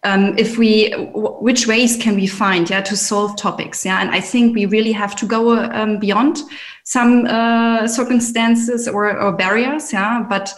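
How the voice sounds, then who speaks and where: Halting woman in a roomy space. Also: medium pitch, fairly even intonation. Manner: halting, keeps adding a filler "yeah". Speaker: panel guest. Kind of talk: conversational panel talk.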